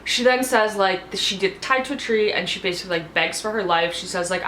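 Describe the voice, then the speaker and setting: A woman's voice: medium pitch, fairly quick, fairly bright tone, a little hiss or hum. A woman giving a casual, chatty TV recap, gossipy and full of "like"s. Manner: gossipy, filler-heavy, many "like"s. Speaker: TV show reviewer. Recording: echoey room, faint ambience.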